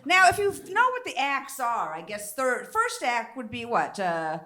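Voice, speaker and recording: A woman's voice: fairly high pitch, wildly swooping pitch, a little slow, bright, forceful tone. A woman in her fifties doing a stand-up comedy set on a theater stage, brassy and bawdy as she teases the crowd. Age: 50s.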